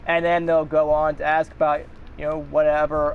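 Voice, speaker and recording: A man's voice: on the high side, monotone, moderate pace, vocal fry, slight background noise. A man ranting in an exasperated, rambling and profane way as a channel host. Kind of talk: angry rant.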